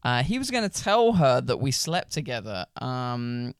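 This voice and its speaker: A man's voice: mid-range voice, sing-song, a little slow, clear, resonant tone, dry recording, clean studio sound. A young man, hosting a podcast, reading out a story and bantering with crude slang. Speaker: podcast host. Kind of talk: casual chat, reading stories aloud.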